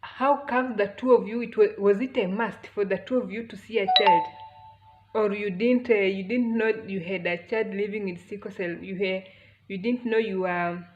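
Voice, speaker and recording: A woman's voice: mid-range voice, fairly even intonation, normal speed, dull audio, soft background music, close to an everyday voice. A woman with a Kenyan accent voicing a pushy, judgmental woman passenger who lectures and scolds. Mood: scolding.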